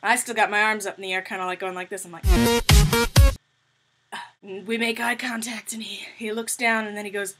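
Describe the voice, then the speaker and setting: A young woman in college telling funny stories to her camera in a casual, animated way, swearing freely and joking. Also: medium pitch, normal speed, pauses often, loud music behind the voice. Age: young adult. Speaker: vlogger.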